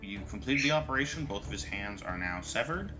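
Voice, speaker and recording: A man from Canada narrating a tabletop game as game master over a video call, relaxed and hesitant, with many pauses and ums. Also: on the low side, over loud music.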